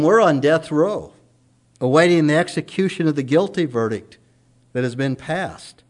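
Middle-aged male preacher, emphatic sermon delivery, slightly high pitch. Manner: earnest, emphatic preaching with strong rises and falls.

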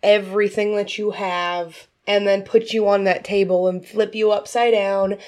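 A young woman chatting casually as a podcast co-host, relaxed and easygoing. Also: mid-range voice, moderate pace. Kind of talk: casual chat.

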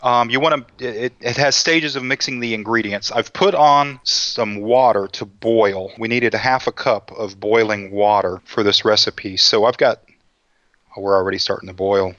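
A man's voice: on the low side, normal speed, a bit bright, dry recording, dull audio. A man hosting a cooking show, chatting in a folksy, joking way. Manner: folksy, joking, says y'all a lot. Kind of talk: casual chat.

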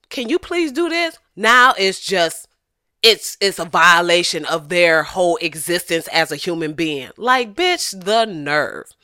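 Blunt, swearing vlogger with a bright voice. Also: medium pitch, clean tone, no room sound, clean studio sound. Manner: blunt, emphatic and swearing, with bursts of laughter. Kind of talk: profane commentary rant.

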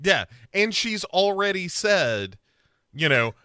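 A man's voice: high voice, very animated, slow pace, bright, forceful tone, clean tone, no echo, studio quality. A man co-hosting a podcast in casual chat, recapping a TV show and playfully acting out the characters' lines. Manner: playful, acts out characters' lines in funny voices. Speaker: podcast co-host.

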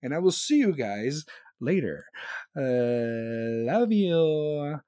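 A man's voice: a little high, big pitch swings, extremely slow, warm tone, no echo, studio quality. A man in his forties hosting a live podcast, ranting angrily and bluntly with heavy swearing while reading chat. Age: 40s. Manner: angry, profane, blunt. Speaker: podcast host.

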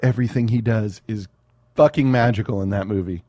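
A man co-hosting a casual podcast chat, animated and swearing freely, often mimicking other people's voices. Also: fairly low pitch, fairly quick, no echo. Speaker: podcast co-host.

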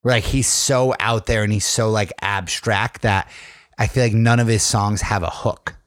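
A man's voice: fairly low pitch, steady tone, measured pace, no room sound, studio quality. A man co-hosting a podcast, trading crude jokes in casual chat. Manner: joking, crude banter.

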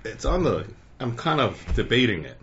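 A man's voice: medium pitch, sing-song, normal speed, a bit bright, highs cut off, a little hiss or hum. A man co-hosting a podcast in casual chat, laid-back and profane, laughing often. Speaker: podcast co-host.

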